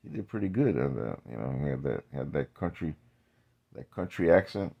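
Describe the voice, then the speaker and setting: A man's voice: a bass voice, sing-song, normal speed, vocal fry, highs cut off. A man vlogging in a rambling casual monologue, drifting into tangents and restarting his sentences.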